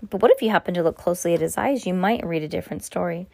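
A woman reading a storybook aloud, slow and expressive, stumbling now and then. Her voice sits low and the sound is dry and close. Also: creaky, no room sound. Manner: slow, expressive, with small restarts. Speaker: reader. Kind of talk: reading a chapter book aloud.

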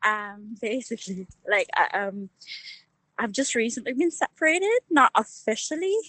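A woman's voice: a little high, normal speed, pushed and bright, dry recording, rough recording. Breathless Northern English woman caller. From Northern England. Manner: frank, laughing, many fillers. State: out of breath from walking. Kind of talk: casual phone call.

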